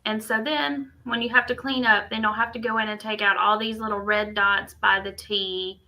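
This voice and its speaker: A woman's voice: medium pitch, steady tone, normal speed, pushed and bright, poor audio. A woman, co-hosting a casual crochet livestream and thinking aloud as she works on screen. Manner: chatty, thinks aloud while working on screen.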